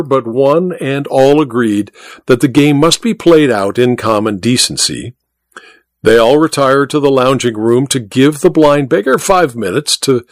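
A man narrating an old-fashioned story as an expressive audiobook reader. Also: medium pitch, no echo, clean studio sound.

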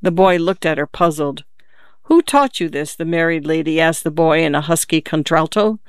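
Smooth-voiced man reading a story. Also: on the high side, dry recording, clean studio sound. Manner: measured, steady storytelling with lightly voiced dialogue. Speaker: narrator. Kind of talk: audiobook reading of classic fiction.

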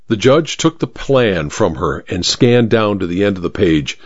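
A man hosting a radio mystery hour, reading the story aloud in an expressive, measured way. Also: fairly low pitch, no echo, highs cut off. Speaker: host and story reader.

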